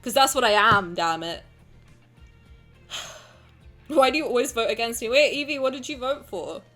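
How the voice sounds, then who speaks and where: A woman streamer chatting casually with her viewers, excitable and gushing, swearing freely. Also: on the high side, measured pace, soft background music. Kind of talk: casual livestream chat.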